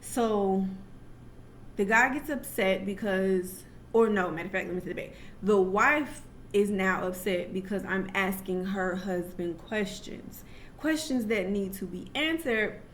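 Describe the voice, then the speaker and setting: A woman's voice: medium pitch, measured pace, slight background noise. A young adult woman telling a personal story to camera in a casual, chatty way, full of asides and restarts. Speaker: vlogger.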